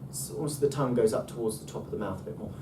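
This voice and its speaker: A man's voice: on the low side, very fast. A man teaching the sounds of an ancient alphabet in a patient, hesitant way, with many ums and restarts. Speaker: Ancient Greek tutor. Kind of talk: relaxed one-to-one teaching. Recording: roomy, far from mic, faint noise.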